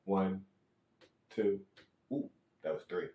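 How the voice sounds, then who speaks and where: A man with a fairly low voice talks through a hands-on skateboard check in a loose, joking way, counting under his breath and fixing his own slips. The room around him rings with echo. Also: steady tone, takes it slowly, warm tone. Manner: rambling, self-correcting, joking asides. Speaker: electric skateboard vlogger. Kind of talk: casual how-to demonstration.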